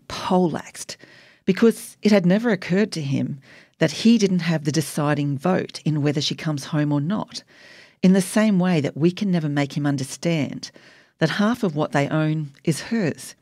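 A woman's voice: low-pitched, dark tone, no echo, clean studio sound. A woman narrating her memoir in a wry, emotionally charged audiobook reading.

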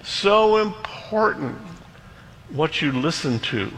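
A male pastor delivering a sermon with a bright, forceful tone. He stresses key phrases by slowing right down, then hurries through quick asides. His voice carries a long reverb from the church hall around him. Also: mid-range voice, big pitch swings. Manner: emphatic, dramatic slowdowns, quick asides.

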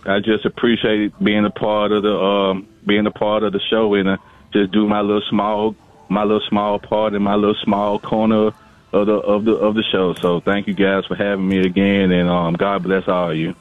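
A man calling in to a radio show, talking casually and haltingly and repeating his words. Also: fairly low pitch, little pitch movement. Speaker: caller. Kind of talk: casual phone-in chat. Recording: tinny phone line.

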